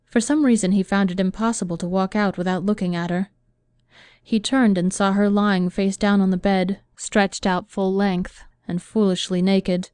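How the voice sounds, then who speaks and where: A woman narrating an audiobook in a measured, even reading voice. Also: mid-range voice, smooth, no echo. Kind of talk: scripted narration.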